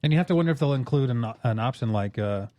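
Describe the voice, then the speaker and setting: A man's voice: medium pitch, animated, rapid-fire, warm tone, no room sound. A man co-hosting a casual talk show, chiming in with short agreements and wry quips. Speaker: podcast co-host. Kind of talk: casual chat.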